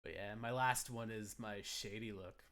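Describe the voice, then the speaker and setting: A man's voice: on the low side, steady tone, normal speed, fairly bright tone. A man streaming live, chatting casually and rambling as he searches for words. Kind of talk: casual livestream chat.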